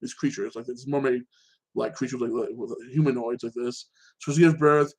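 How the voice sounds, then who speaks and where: A man rambles through a casual, unscripted chat about shows he loves. He gets excitable and keeps tacking "like that" onto his thoughts. His voice sits at an ordinary middle pitch. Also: moderate pace, slightly rough. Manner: animated, excitable. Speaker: show host.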